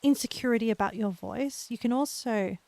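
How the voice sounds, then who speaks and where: A young woman with an Australian accent, chatting gently and encouragingly with her live viewers as a streamer, laughing often. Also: a little high, brisk, creaky, dry recording. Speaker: livestreamer. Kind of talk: casual chat with live viewers.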